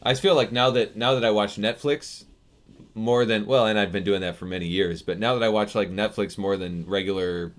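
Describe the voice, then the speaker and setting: A man's voice: lowish voice, fairly even intonation, normal speed. An American man casually chatting on a live stream, answering viewer comments into a desk mic with loose restarts. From United States. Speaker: software developer streaming live. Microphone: desk microphone.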